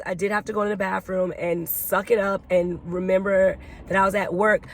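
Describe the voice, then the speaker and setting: A woman's voice: mid-range voice, flat delivery, moderate pace. A young adult woman talking through her feelings in a candid personal vlog, reflective and emotional, recorded in a car. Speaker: vlogger.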